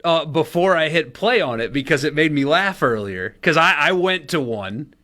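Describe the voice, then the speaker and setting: A man's voice: a little high, lively intonation, moderate pace, pushed and bright. A man co-hosting sports talk radio, teasing his partner and laughing easily in casual banter.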